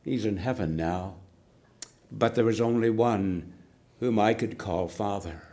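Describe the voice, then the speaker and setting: Slow, dramatic older male preacher. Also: fairly low pitch. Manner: slow, dramatic swings from loud emphasis to hushed near-whispers. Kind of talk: sermon.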